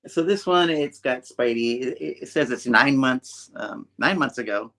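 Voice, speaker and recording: A man's voice: mid-range voice, expressive, moderate pace, gravelly, sharp tone. Guy on a comic podcast rambling thru a story, lots of uh and like. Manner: rambling, acts out characters' lines. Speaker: comic book podcast co-host. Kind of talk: casual chat, retelling a comic story.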